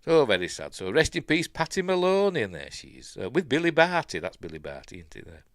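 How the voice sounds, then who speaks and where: A man's voice: medium pitch, sing-song, a little fast, no echo, studio quality. An older man with a Yorkshire accent, hosting a casual news live stream, rambling and reading chat comments aloud. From Yorkshire, England.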